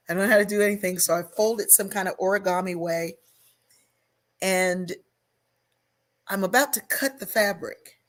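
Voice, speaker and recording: A woman's voice: fairly low pitch, a bit bright. An older woman, a guest on an interview show, telling a personal story at length and acting out the voices she remembers. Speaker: guest, sociologist and author.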